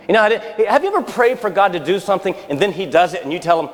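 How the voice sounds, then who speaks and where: A man in his thirties preaching a sermon, telling a story with acted-out dialogue and lively shifts between excited and hushed delivery. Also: high voice, very fast, few pauses. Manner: animated storyteller, acting out dialogue, dropping to a hushed close. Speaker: pastor. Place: church sanctuary. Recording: reverberant church live stream with faint music.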